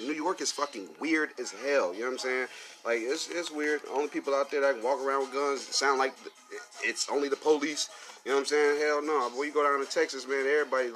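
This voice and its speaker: Man, podcast host, heated profane rant, bright tense voice, faint music behind. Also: medium pitch, fast. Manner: profane, heated, filler-heavy with frequent laughs. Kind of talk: casual solo podcast rant.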